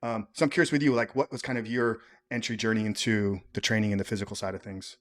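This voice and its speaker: A man's voice: fairly low pitch, steady tone, fast. A man hosting a podcast, asking loose, conversational questions full of fillers. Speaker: podcast host. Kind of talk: interview questions.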